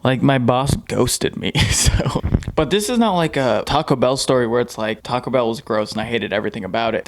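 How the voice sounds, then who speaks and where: A young man tells a comedic story from his own life in a relaxed, offhand way. His delivery is deadpan and loose, scattered with "like." His voice sits at an ordinary middle pitch. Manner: laid-back, deadpan, full of "like" fillers. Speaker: vlogger.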